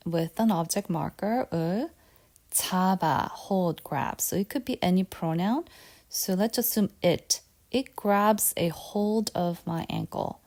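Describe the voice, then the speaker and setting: A woman's voice: on the low side, warm tone. A woman teaching vocabulary at a patient pace, repeating words and quizzing the listener. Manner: patient and repetitive, asks quiz questions. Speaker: Korean language teacher. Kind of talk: lesson.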